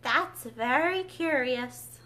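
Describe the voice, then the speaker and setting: A woman voicing the Mock Turtle in a storybook read-aloud, drawn-out and easily offended. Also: high voice, expressive, bright, forceful tone, pitched above the performer's own voice, heavily acted. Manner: slow, drawn-out, touchy.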